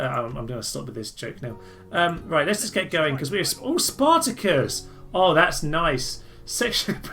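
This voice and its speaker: A man's voice: medium pitch, fairly bright tone. A man giving enthusiastic, jokey and rambling commentary as he plays a strategy game. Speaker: let's-play host. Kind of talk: gameplay commentary.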